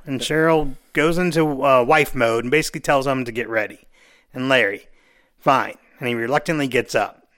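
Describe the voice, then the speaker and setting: A podcast co-host, a man, casually recaps a TV episode and plays out the characters' dialogue. Animated, he acts out scenes with put-on quotes. His mid-range voice moves fairly quickly.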